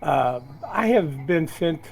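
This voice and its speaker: A man's voice: on the high side, lively intonation, slow, gravelly, a little mellow, full character voice. A man voicing a pompous male envoy on a quest, speaking in formal, grandiose phrases. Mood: earnest.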